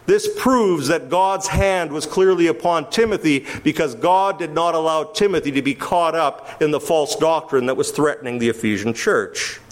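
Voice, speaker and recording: A man's voice: on the high side, normal speed, hardly any pauses. A man preaching an expository sermon to a church congregation, stressing key words with emphasis and putting questions to his listeners. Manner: emphatic, explains the original wording, asks the congregation questions. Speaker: pastor.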